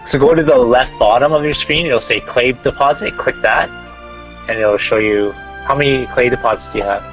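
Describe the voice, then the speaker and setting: A man's voice: mid-range voice, normal speed, fairly bright tone, faint music behind, rough recording. A man in casual gaming chat, walking a friend through a game in an instructive, teasing way. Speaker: gamer guiding a friend.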